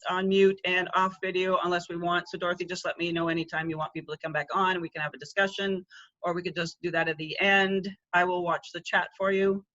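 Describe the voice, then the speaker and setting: A conference host opening an online session and handing over to the speaker in a brisk, friendly way. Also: mid-range voice, level tone, pushed and bright, no echo. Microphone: video call. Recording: dull, lo-fi video call audio.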